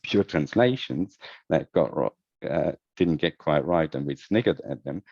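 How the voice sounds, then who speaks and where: A man's voice: a bass voice, expressive, a little slow, creaky, mellow, no echo. A man being interviewed about his work, talking thoughtfully with many restarts and repeated words. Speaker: guest, head of user experience. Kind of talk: conversational podcast interview. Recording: dull, lo-fi remote audio.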